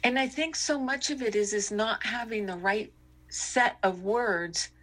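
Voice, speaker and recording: A woman's voice: fairly high pitch, measured pace, fairly bright tone. A middle-aged woman co-hosting a podcast, talking candidly and reflectively with many fillers. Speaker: podcast co-host. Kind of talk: casual podcast chat.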